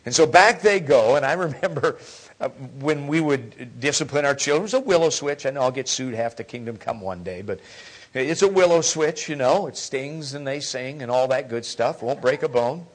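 A middle-aged man preaching a sermon, telling humorous stories and swinging from hushed near-whispers to loud exclamations. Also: mid-range voice, animated, normal speed. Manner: humorous storytelling. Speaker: pastor.

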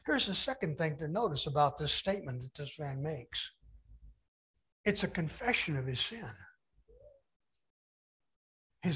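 Male preacher, sermon, dramatic storytelling, high voice, slow delivery. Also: big pitch swings, fairly bright tone.

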